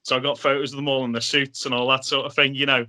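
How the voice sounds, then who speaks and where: Bright-voiced man telling stories. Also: mid-range voice, quick pace. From Liverpool, England. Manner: animated storyteller, acts out other people's lines. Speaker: podcast guest. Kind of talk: casual anecdote telling.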